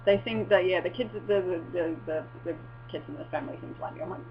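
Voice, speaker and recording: A young woman vlogging in casual, rambling chat, swearing and breaking into excited exclamations. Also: mid-range voice, fast. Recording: dull lo-fi with faint mains hum.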